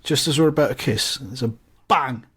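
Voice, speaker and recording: Husky man telling a yarn. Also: mid-range voice, normal speed, fairly bright tone. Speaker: comedy podcast co-host. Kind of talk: deadpan comic storytelling.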